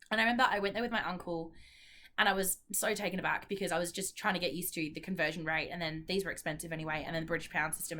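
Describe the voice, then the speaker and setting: A woman's voice: lowish voice, bright, forceful tone. A young Australian woman chatting casually about her yarn stash in a rambling, apologetic way, with lots of ums. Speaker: knitting vlogger. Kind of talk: casual chat.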